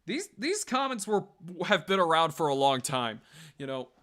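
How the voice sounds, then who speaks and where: A man's voice: a little high, sing-song, normal speed, a bit bright. A man casually reviewing and reading out online comments, rambling, swearing and laughing as he goes. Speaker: video reviewer.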